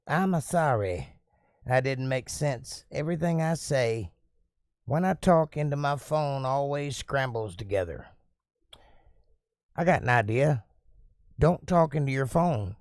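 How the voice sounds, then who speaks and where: Pausing often, at a measured pace, a relaxed streamer works through viewer comments and gives each a folksy, easygoing reply. His middle-pitched voice sounds close, and the recording is dry with no space around it.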